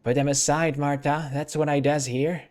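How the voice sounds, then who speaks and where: Brief: man voicing a strange old crone seamstress, sing-song mumble, broken grammar, slow. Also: a little high, level tone, a little mellow, close to an everyday voice. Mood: mumbling. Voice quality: sing-song, speaks of herself in third person. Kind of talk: reading game dialogue aloud.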